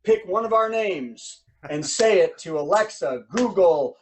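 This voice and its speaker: A man hosts a live online comedy show, rambling cheerfully through plugs and introductions. His voice sits fairly high for a man, and his jokes tumble out loosely. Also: expressive, measured pace, slight background noise. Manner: rambling, joking, upbeat. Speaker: host.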